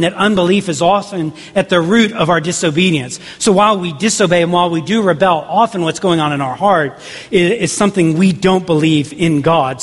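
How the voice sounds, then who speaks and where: A man who is a pastor preaching a sermon in a church, talking conversationally with rhetorical questions and frequent restarts. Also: on the high side. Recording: long reverb of a large hall.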